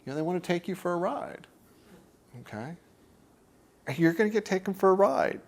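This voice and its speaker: A man's voice: sits high, lively intonation, a little fast. A man teaching a workshop group in a conversational way. He often checks in with "okay?" and acts out inner voices while he explains.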